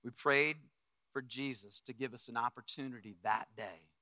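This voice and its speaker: A middle-aged man preaching as a pastor, telling a story with acted-out quotes and swings from loud bursts to hushed reflection. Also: mid-range voice, moderate pace, dry recording. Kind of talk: sermon storytelling.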